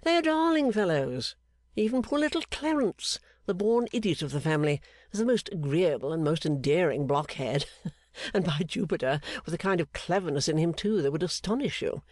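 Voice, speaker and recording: Man reading as a cynical gentleman painter, breezy, enthusiastic, raised pitch, bouncing delivery. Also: animated, fairly quick, dry recording, close to an everyday voice. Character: airy, cynical gentleman painter, cheerfully mocking.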